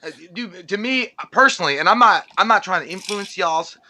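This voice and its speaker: A man's voice: high voice, lively intonation, fairly quick, sharp tone, slight background noise. A man co-hosting a casual movie podcast, profane and joking, laughing often. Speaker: podcast co-host. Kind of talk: casual chat.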